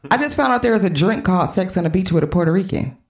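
A woman's voice: on the low side, expressive, rapid-fire. A woman co-hosting a podcast, telling stories in a chatty way with plenty of fillers. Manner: chatty storyteller with frequent fillers. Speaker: podcast co-host. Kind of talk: casual chat.

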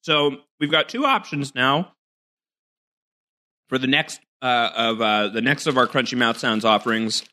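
A man talks through a casual snack taste test on a podcast. He's recorded over a video call and rambles cheerfully, filling the gaps with ums and likes. His voice is very bright and forward. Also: medium pitch, unhurried. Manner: chatty, self-mocking, thinks aloud with many fillers. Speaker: podcast co-host.

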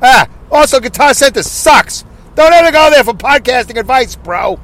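Man doing a young male buddy, nasal, excitable, high-pitched. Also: normal speed, full character voice. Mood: hyped.

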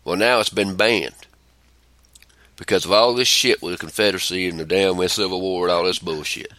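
Blunt, profane man, deep and dry. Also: brisk, bright, forceful tone, no echo. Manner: blunt, profane, rambling storyteller. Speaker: podcast co-host. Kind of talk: casual chat.

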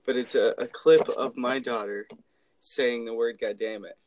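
A man's voice: medium pitch, steady tone, normal speed, a little mellow, rough recording. A man co-hosting a casual podcast, trading sarcastic, profane jokes and stories about his daughter. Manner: joking, sarcastic banter with profanity. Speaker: podcast co-host; father.

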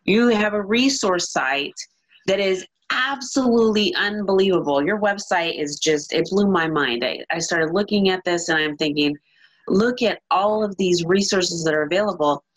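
A woman's voice: mid-range voice, poor audio. A woman hosting an interview in a casual, enthusiastic way, often restarting her sentences. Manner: enthusiastic, rambling, halting restarts. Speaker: podcast host.

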